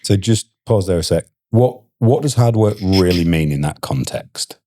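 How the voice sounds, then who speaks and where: A man's voice: sits low, lively intonation, normal speed, warm tone. A man hosting a podcast interview, chatty, playful and self-deprecating as he draws out his guest. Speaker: podcast host.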